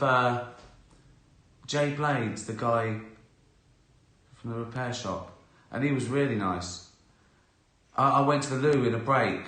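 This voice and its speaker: A man's voice: medium pitch, fairly bright tone, reverberant. A middle-aged man, chatting casually on a live stream, answering viewer questions, laughing often and acting out little scenes.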